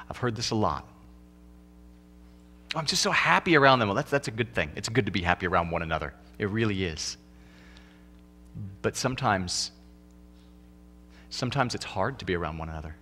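A man pastor preaching a sermon in a church, animated, swinging from loud emphatic lines to quiet low ones, and acting out couples' lines in quick comic voices. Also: a little hiss or hum.

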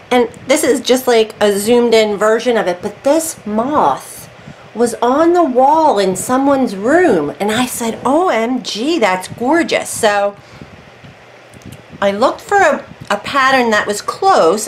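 Woman of middle pitch, chatty and meandering home crafting vlogger, light background hiss. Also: rough recording. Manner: chatty, rambling, self-interrupting. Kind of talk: casual chat. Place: warm room at home.

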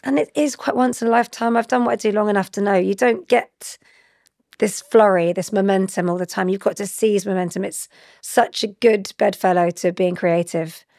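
Gravelly, chatty woman. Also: mid-range voice, normal speed, no echo, clean studio sound. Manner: chatty, animated, laughs often. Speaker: guest. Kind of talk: conversational interview.

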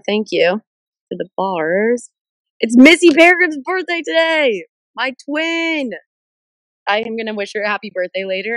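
A young woman in her twenties with a bit of a cold, chatting excitedly on a livestream and answering viewer comments. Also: medium pitch, no room sound. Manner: bubbly, excitable, jumps between viewer shoutouts. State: stuffed up with a cold. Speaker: livestream host. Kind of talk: casual livestream chat reading comments. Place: in a car. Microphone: phone camera.

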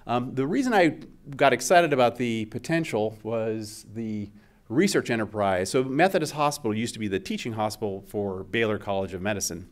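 A man's voice: fairly low pitch, expressive, normal speed. A middle-aged man giving a scientific seminar talk as the invited speaker, conversational and full of uh and um fillers.

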